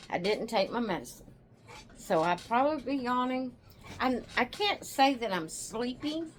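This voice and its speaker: A tired woman hosting her own channel, chatting to viewers in a rambling, relaxed way and yawning now and then. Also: a little high, unhurried, slight background noise. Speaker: doll channel host. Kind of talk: casual chat to viewers.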